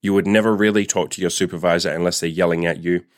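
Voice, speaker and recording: A man's voice: deep voice, fairly even intonation, fast talker, no echo, studio quality. A man vlogger telling a personal story in a candid, profane way, full of "like" fillers. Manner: candid and profane, heavy use of "like". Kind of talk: casual storytime monologue.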